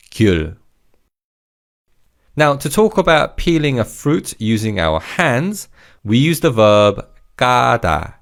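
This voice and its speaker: Male language tutor, lowish gravelly voice, upbeat and encouraging. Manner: encouraging, repeats each word slowly for learners. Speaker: Korean language teacher. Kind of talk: scripted language lesson.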